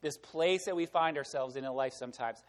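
A man's voice: medium pitch, a little fast. Man preaching in a reverberant church. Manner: conversational preaching with rhetorical questions. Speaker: pastor. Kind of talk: sermon. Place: church sanctuary. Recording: long hall reverb.

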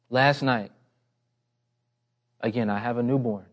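Man preaching a heartfelt sermon. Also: normal speed. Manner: impassioned, rising in pitch and volume toward the end; personal storytelling, conversational asides. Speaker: pastor.

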